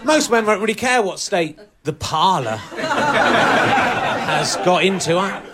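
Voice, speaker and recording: A man doing a stand-up comedy set on stage, deadpan and ironic, sometimes working himself up into mock outrage. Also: high voice, unhurried, over a noisy crowd, heavy background noise. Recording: live audience laughter. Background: audience laughing.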